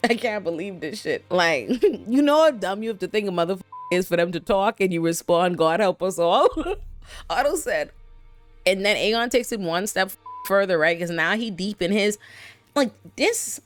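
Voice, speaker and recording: A woman recapping a TV episode casually, in animated and profane slang-filled storytelling. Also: medium pitch, moderate pace, faint music behind. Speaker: host.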